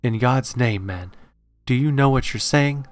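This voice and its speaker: A man voicing a quick-tempered, defiant male novelist who snaps indignantly in a read-aloud horror story. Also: medium pitch, close to an everyday voice. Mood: snapping. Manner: snappish, indignant.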